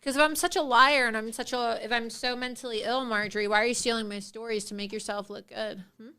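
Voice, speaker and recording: A woman's voice: fairly high pitch, fairly even intonation, fast talker, pushed and bright, clear, resonant tone. A woman hosting a livestream of political commentary, speaking in a combative, sarcastic and scornful way. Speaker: host.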